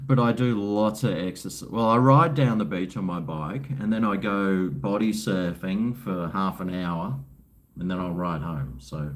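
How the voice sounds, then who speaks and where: A middle-aged Australian man from Queensland hosting a casual livestream, rambling and answering viewer comments, calling people mate. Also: deep voice. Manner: relaxed, rambling, says mate a lot. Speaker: livestream host.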